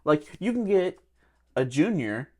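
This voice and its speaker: Lively, joking male guitar-show co-host. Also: on the high side. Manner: joking, teasing, quick reactions. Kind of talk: casual chat about guitars.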